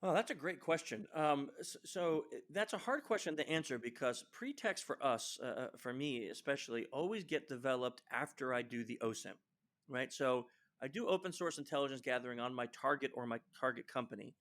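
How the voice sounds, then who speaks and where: A man as a podcast guest who tells a long work story in an animated way, slipping into other people's voices for quoted lines. He talks with plenty of fillers and restarts, and his pitch sits in the middle. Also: fairly quick. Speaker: guest social engineer.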